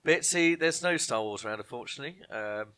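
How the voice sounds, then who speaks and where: A man's voice: mid-range voice, animated, quick pace, pushed and bright, smooth. A man hosting an online pub quiz, reading each question twice and dropping jokey asides to viewers. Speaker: quiz host.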